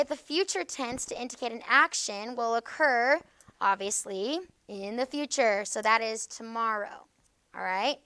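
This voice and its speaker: A woman leads a grammar class, her voice bright and crisp and a little high for a woman. She checks in with "okay?" after almost every point and slows down to stress each example phrase. The sound is dry and close, with no room echo. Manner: frequent checking "okay?" with students; slow, stressed reading of example words. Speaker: teacher.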